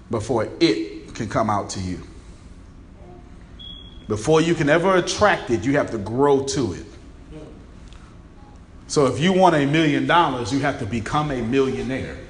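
A raspy-voiced man giving an interactive seminar talk, emphatic, repeating key phrases and quizzing his live audience. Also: medium pitch, slight background noise. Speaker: motivational speaker. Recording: echoey room, faint ambience.

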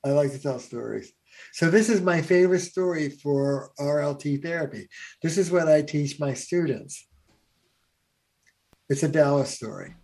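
A man's voice: fairly high pitch, measured pace, vocal fry. A man, a family therapist, telling stories in a podcast conversation, with lots of "uh" fillers. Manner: animated storyteller, many fillers.

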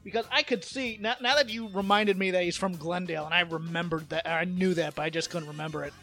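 A man co-hosting a podcast, rambling and animated as he tells stories and does quick impressions. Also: high-pitched, soft background music. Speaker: podcast co-host. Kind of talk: casual chat.

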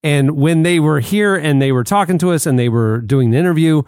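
A man's voice: a little high, a little fast, darkish tone, smooth, no room sound. A man co-hosting a podcast, telling stories in a dry, wry way in casual chat. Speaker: podcast co-host.

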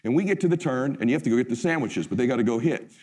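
A man's voice: medium pitch, expressive, rapid-fire, a little mellow, big-room sound. A middle-aged man giving a motivational talk. He tells the story intensely and emphatically, and he swears freely. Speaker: motivational speaker.

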